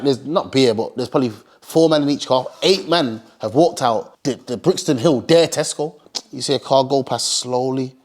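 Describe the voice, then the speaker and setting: A young man telling a story in casual street slang, often acting out the people in it. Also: a little high. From Birmingham, England. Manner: heavy street slang, animated retelling with acted quotes. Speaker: streetwear brand founder.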